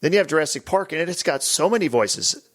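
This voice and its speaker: A man hosting a casual podcast chat, animated and quick to break into mock voices and laughter. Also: fairly high pitch. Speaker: podcast host.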